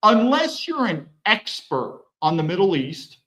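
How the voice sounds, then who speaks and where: A middle-aged man delivers a forceful political monologue, pitched a little high and swinging his intonation widely. He fires off rhetorical questions and repeats words for emphasis. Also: very animated, unhurried, poor audio. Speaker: political commentator. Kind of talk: opinionated monologue.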